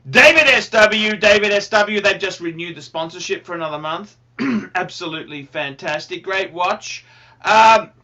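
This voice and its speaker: A man hosting a livestream in a casual, rambling, excitable way, repeating himself and swearing now and then. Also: sits high, normal speed, lo-fi sound. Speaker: livestream host.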